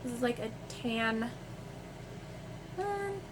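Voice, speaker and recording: A woman's voice: on the high side, expressive, slow. Congested woman chatting through her makeup. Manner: chatty, apologetic, filler-heavy with "like". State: congested, runny nose. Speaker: beauty vlogger. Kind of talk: casual makeup tutorial chat. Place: home, in front of a mirror. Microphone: phone camera. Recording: home phone video with heater noise. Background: central heating hum.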